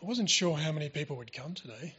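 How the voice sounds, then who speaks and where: A man's voice: a little high, animated, fast talker, sharp tone, husky, lo-fi sound. Hesitant man speaking at church. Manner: informal, hesitant with fillers and restarts. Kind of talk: church presentation. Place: church hall. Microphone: handheld microphone held close.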